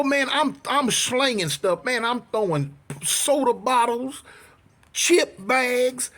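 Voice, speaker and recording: A man telling a wild street story casually, full of slang, dramatic asides and acted-out dialogue. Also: sits high. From United States. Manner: animated, slangy, dramatic retelling.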